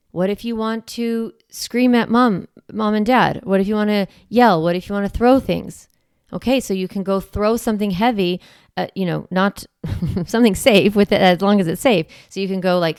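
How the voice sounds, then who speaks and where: A woman's voice: medium pitch, a little mellow, clean tone, no echo, studio quality. A woman hosting a parenting podcast, walking through steps and asking and answering her own questions as if talking to a child. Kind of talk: instructional podcast talk.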